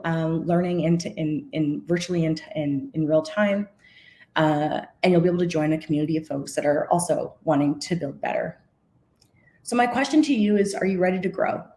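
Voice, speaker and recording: A woman's voice: on the low side, darkish tone. A woman giving a conference keynote in an earnest, impassioned way, correcting herself now and then and close to tears at times. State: emotional, near tears. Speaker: keynote speaker.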